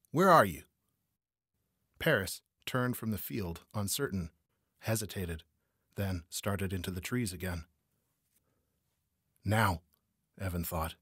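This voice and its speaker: A man narrating a noir crime story as an audiobook reader, measured and steady. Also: deep voice, breathy edge, dry recording, clean studio sound.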